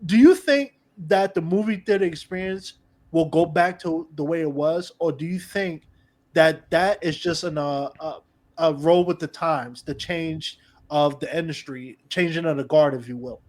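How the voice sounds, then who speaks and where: A man's voice: a little high, moderate pace, darkish tone. A man hosting a podcast, chatting casually and animatedly with his guest, often restarting his sentences. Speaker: podcast host. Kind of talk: casual interview chat.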